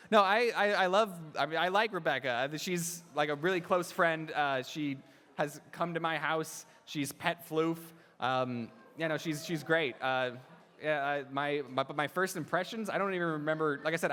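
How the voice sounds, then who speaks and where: A man's voice: a little high, moderate pace, pushed and bright. A young man answering fan questions on stage at a live panel, rambling, laughing and restarting his sentences, on a handheld mic in a large hall. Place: large convention hall, in front of an audience. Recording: echoey convention hall PA.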